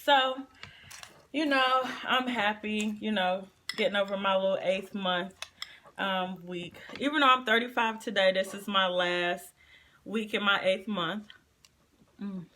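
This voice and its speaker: With a stuffy, runny nose, a woman talks through her pregnancy update while eating on her vlog, chatty, expressive, and prone to drawn-out repetitions. Her voice is mid-range, with slight background noise.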